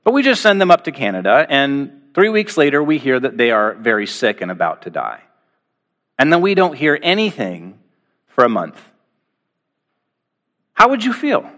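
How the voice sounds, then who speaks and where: A man preaching a sermon to his congregation, asking rhetorical questions and slowing down with deliberate pauses on key phrases. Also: mid-range voice, sing-song, a bit bright. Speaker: pastor.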